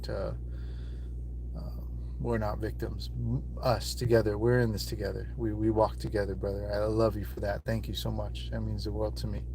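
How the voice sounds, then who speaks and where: A man's voice: lowish voice, creaky, a little mellow, a little hiss or hum. A man talking casually to viewers on a live stream from his phone, rambling and emotional and swearing often, seemingly from inside a car.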